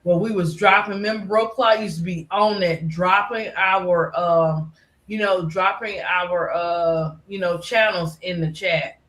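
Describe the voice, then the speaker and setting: A woman's voice: fairly low pitch, steady tone, measured pace, a bit bright, roomy sound. A middle-aged woman who is a regular on a livestream panel, talking in a casual, rambling way full of fillers. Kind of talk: casual chat.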